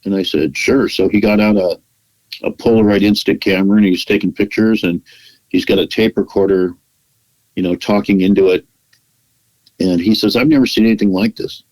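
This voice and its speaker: A man's voice: fairly low pitch, fairly even intonation, a little fast, pauses often, darkish tone, poor audio. A man, a podcast guest, tells a long personal story in conversation, acting out the dialogue he quotes and often restarting with "you know.". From California, United States. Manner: acts out quoted dialogue in his retelling.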